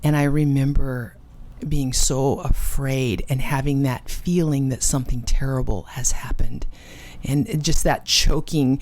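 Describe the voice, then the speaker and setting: A woman and ministry cofounder giving an earnest, emotional personal testimony, with dramatic pauses. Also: extremely low pitch, steady tone, a little mellow. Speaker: ministry cofounder and conference speaker.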